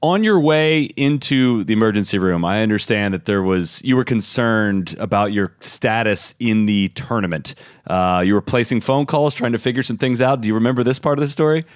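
A man hosting a podcast, chatting and asking questions in a relaxed, conversational way. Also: fairly low pitch, normal speed, clean tone, no room sound, studio quality. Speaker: podcast host. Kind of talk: casual interview chat.

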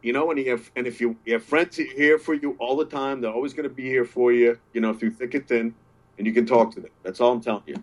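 A man in casual conversation, talking in an earnest, encouraging way with many halting restarts. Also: medium pitch, fairly even intonation. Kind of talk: casual chat.

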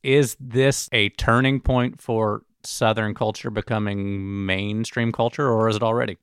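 A man hosting a podcast, measured and steering the discussion in casual chat. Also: on the low side, fairly even intonation, clean tone, no room sound, studio quality. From Alabama. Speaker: podcast host.

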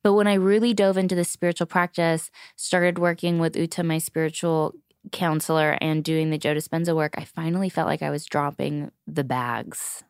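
Woman, lowish voice, smooth and clear, dry close mic; earnest podcast host, open and animated. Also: normal speed, no echo. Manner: earnest, open, animated when retelling talks. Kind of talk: candid conversational interview.

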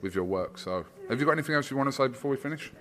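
A man's voice: medium pitch, animated, very fast, a bit bright. A man interviewing a guest in casual, teasing banter. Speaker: sports interviewer.

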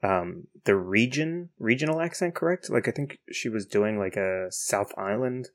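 A man from New Zealand with a New Zealand accent, co-hosting a podcast in blunt, profane casual chat with halting restarts. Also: on the low side, expressive. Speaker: podcast co-host.

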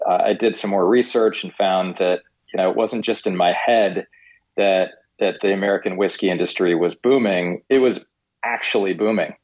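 Middle-aged man, podcast guest, low pitch, hesitant storytelling, halting delivery. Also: a little mellow, low-quality recording. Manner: hesitant, many fillers and restarts. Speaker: guest, company founder. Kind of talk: casual podcast interview.

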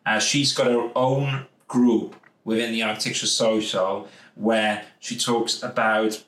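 A man's voice: on the low side, little pitch movement, unhurried, a bit bright. A man with a Welsh accent hosting a podcast, chatting casually and effusively as he wraps up an interview. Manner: upbeat, effusive, rambling. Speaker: podcast host. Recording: roomy echo.

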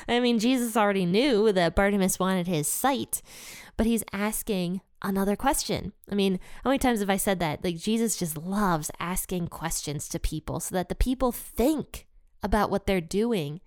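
A woman's voice: medium pitch, normal speed, darkish tone, dry recording, studio quality. A woman giving a casual, chatty Bible lesson, retelling the story in her own words with many asides. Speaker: Bible teacher.

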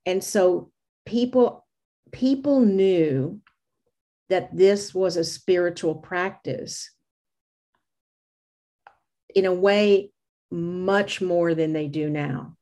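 An older Southern woman from the United States, a yoga teacher, appears as a guest in a reflective, conversational interview. She speaks slowly and thoughtfully in a measured way, with a lowish, warm voice.

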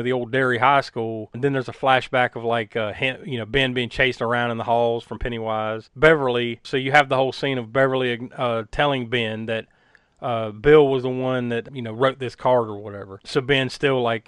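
A man's voice: medium pitch, fairly bright tone, smooth, no echo, studio quality. A man recapping a movie in casual chat, rambling with many fillers and frequent laughs. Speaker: podcast co-host recapping a film.

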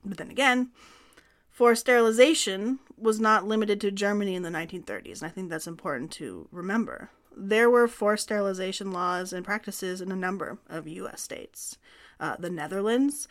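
A woman co-hosts a conversational history podcast in an earnest, explanatory tone. Her voice sits at a middle pitch and she talks through the material in a natural, unhurried way. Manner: earnest, explanatory, reads quotes from laws. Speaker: podcast co-host.

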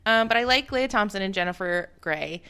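A woman co-hosting a podcast, casually recapping a film and acting out the characters' lines with lively, exaggerated delivery. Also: medium pitch, a little fast, clear, resonant tone. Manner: animated, acts out characters' lines in exaggerated voices. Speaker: podcast co-host. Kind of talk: casual movie recap chat.

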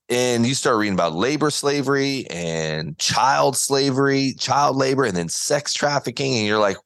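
A man's voice: mid-range voice, moderate pace, hardly any pauses, a bit bright, no echo. A man, a guest on an interview podcast, telling a story earnestly and acting out the quotes. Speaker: guest, former baseball pitcher. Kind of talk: conversational interview.

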